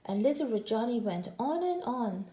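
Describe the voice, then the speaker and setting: A woman storyteller reading a children's storybook aloud in a gentle, sing-song manner. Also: on the high side, sing-song, normal speed. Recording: echoey room.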